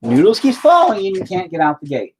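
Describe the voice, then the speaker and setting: A man's voice: high-pitched, wildly swooping pitch, fairly quick, slight background noise. A middle-aged man chatting casually on his vlog, rambling, swearing and sarcastic. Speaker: vlogger, band vocalist.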